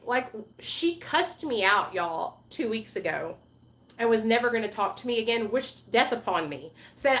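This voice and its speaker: A candid woman hosting her own channel in a loose, rambling chat, cursing as she goes. Her voice sits a bit high and has a bright, forceful edge. She sounds like she is in her forties. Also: animated, normal speed. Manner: candid, rambling, swears freely. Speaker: channel host. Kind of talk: casual livestream chat.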